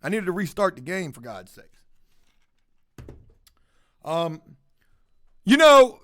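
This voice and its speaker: High-pitched profane man ranting. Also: takes it slowly, no echo, clean studio sound. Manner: profane, mocking, animated. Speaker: vlogger. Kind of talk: storytelling rant.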